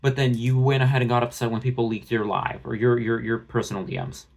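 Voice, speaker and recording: A man's voice: medium pitch, level tone, fast, vocal fry, darkish tone. A man ranting in blunt, profane, rambling commentary about an online creator, recorded on his phone. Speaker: drama commentary vlogger.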